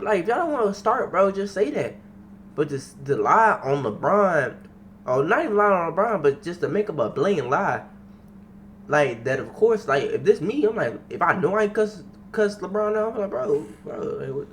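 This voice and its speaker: A young man in his twenties hosting a reaction video, animated, slangy and swearing freely. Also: high-pitched, a little hiss or hum. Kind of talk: casual reaction commentary.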